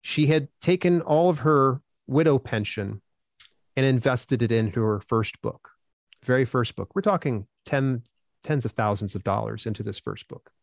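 A man answering interview questions as a self-publishing expert, upbeat and animated, acting out quotes as he tells stories. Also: mid-range voice, normal speed, no room sound, clean studio sound.

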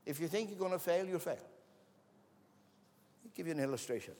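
In a church hall with the long reverb of a large space, a man delivers a storytelling sermon, voicing each character in his anecdotes himself. His voice sits a little high and is animated, brisk, and a little mellow.

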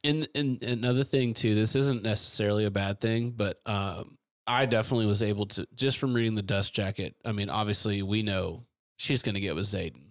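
A man's voice: on the low side, steady tone, a little fast, no room sound, clean studio sound. A man from East Tennessee co-hosting a casual book discussion podcast, talking in a rambling way full of fillers and laughs. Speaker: podcast co-host.

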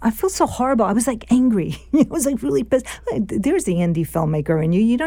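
A middle-aged woman who directs films, talking casually with many restarts and fillers that turn animated as she goes. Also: on the high side, quick pace, hardly any pauses, no room sound. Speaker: film director. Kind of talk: casual conversation about filmmaking.

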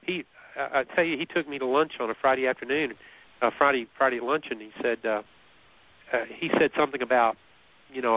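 A man telling a personal story in an easy conversational way. He is animated, often repeats words and laughs at his own story. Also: mid-range voice, a little fast. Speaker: guest. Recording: muffled lo-fi radio recording.

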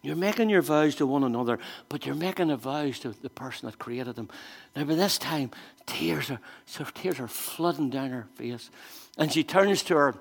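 A man preaching a sermon as a pastor, telling stories with acted-out voices and swinging from quiet asides to loud emphatic bursts. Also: medium pitch, expressive, moderate pace, vocal fry, long reverb tail.

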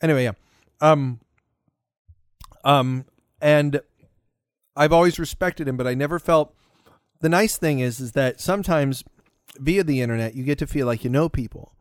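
A man's voice: a little high, normal speed, long pauses, no echo, studio quality. A man co-hosting a podcast in casual chat, rambling and playful. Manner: rambling and playful, laughs often. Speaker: podcast co-host.

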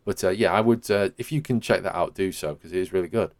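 A man's voice: deep voice, fast talker. A man, hosting a podcast in casual chat and rambling hesitantly with many hedging fillers. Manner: rambling, hesitant, full of "sort of" hedges. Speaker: podcast host.

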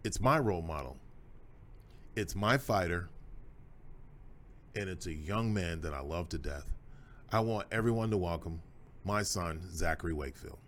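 A middle-aged man hosts a podcast conversation, his voice sitting very low. He tells his stories in a folksy, emphatic way. A faint hiss runs under the recording. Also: lively intonation, moderate pace, pauses often, a bit bright. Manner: folksy, emphatic, proud father telling stories. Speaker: host.

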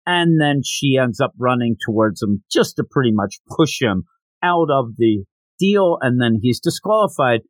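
A man hosting a podcast who gives a casual, animated recap of a comic chapter, with jokey asides. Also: medium pitch, a little slow, dry recording, rough recording. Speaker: podcast host.

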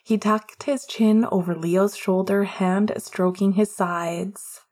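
A woman narrating a romance audiobook in a hushed, often half-whispered delivery. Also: medium pitch, fairly even intonation, slow pace.

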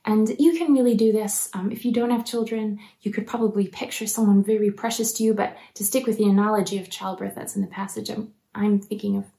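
A woman preaching a sermon in an earnest, encouraging way, at times dropping to a soft near-whisper. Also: medium pitch, fairly even intonation, fairly quick, creaky, hardly any pauses.

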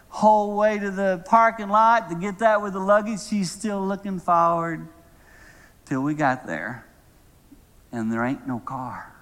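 A middle-aged man preaching a sermon, telling a humorous story in a lively way and then praying softly. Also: unhurried. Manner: lively, humorous storyteller who drops to a soft, low tone to pray. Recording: long reverb of a large hall.

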